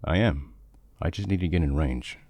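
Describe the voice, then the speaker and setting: A man voicing a quiet, serious monster summoner. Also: extremely low pitch, normal speed, dry recording.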